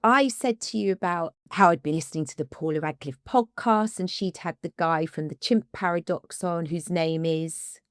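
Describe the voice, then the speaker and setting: A woman, an ADHD coach co-hosting a podcast, talking casually and with emotion, often halting and restarting. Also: lowish voice, no echo, clean studio sound.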